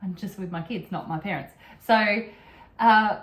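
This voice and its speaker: A woman's voice: mid-range voice, measured pace. A middle-aged woman co-hosting a podcast, speaking earnestly and repeating phrases as she thinks. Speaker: podcast co-host. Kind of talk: casual conversational chat. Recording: echoey room.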